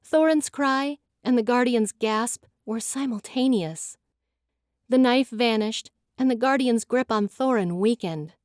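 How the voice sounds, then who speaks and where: A woman giving an expressive, dramatic scripted narration of a fantasy audiobook. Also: fairly high pitch, unhurried, no room sound, clean studio sound.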